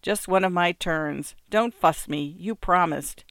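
A man's voice: sits high, slow pace, vocal fry, fairly bright tone, clean tone, no echo, full character voice. A man reading an audiobook, voicing an anxious, fragile young wife with a raised, pleading voice. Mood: reassuring.

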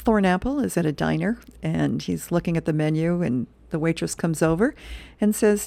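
Lowish dry-voiced woman reading aloud. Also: normal speed, no echo. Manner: steady, clear read-aloud with occasional laughs. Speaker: volunteer reader for a radio reading service. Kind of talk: reading newspaper comics and history aloud.

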